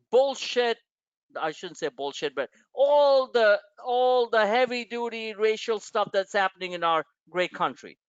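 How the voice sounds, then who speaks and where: A man's voice: high-pitched, a bit bright, clear, resonant tone, dry recording. A man hosting a live stock-trading webinar, talking in an emotional, impassioned and blunt way, with some swearing. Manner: impassioned, emotional motivational rant. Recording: dull, dry lo-fi webinar audio.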